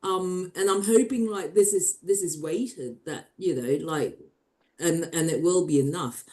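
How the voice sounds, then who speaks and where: A woman on a podcast who speaks earnestly and haltingly, searching for her words. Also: fairly low pitch, warm tone. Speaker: podcast guest. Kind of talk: casual podcast discussion.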